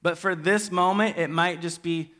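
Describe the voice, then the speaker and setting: A man preaching a sermon to his church, speaking in an earnest, halting way and pleading gently with his listeners. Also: high-pitched, steady tone. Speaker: pastor. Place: church hall.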